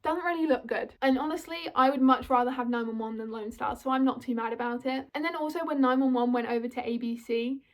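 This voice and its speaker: A woman's voice: high-pitched, steady tone, quick pace, few pauses. A young British woman talking casually through a fandom video essay, chatty and full of apologetic asides. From United Kingdom.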